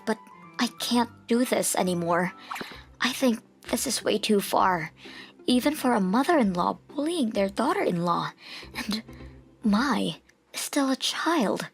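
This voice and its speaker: A woman's voice: mid-range voice, lively intonation, a little slow, soft background music. Young woman narrating a manga dub.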